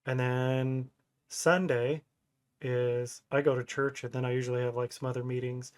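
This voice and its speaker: A man in his thirties co-hosts a relaxed podcast, wandering through stories with frequent laughter. His voice sits at a mid pitch. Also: normal speed. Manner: rambling storyteller who laughs often. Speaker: podcast co-host. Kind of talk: casual podcast chat.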